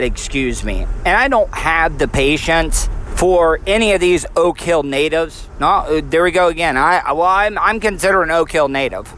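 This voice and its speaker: A man's voice: on the high side, fairly bright tone, slight background noise. A man venting in an agitated, profane rant for a vlog outside a gas station store.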